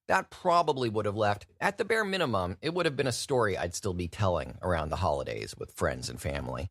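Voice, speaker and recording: A man hosting his own podcast, telling stories in a wry, animated way. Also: on the low side, no room sound, clean studio sound. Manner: wry, animated storytelling with mocking impressions. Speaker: podcast host. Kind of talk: solo podcast monologue.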